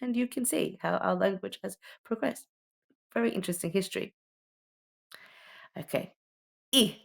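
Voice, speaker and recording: Speaking at a normal pace in a gravelly, mid-range voice, a woman teaches the alphabet at home, chatting about each letter and peppering it with okays and ums.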